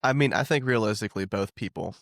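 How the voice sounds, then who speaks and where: Man, podcast co-host, from Ohio, casual joking chat, fairly deep voice, dry sound. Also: fast talker, creaky, fairly bright tone, no room sound. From Ohio, USA. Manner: joking, laughs often.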